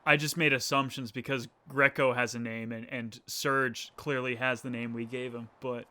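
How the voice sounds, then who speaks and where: Bright-voiced young male streamer. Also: medium pitch, level tone, normal speed. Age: young adult. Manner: chatty, rambling, often laughing. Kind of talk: casual let's-play chat.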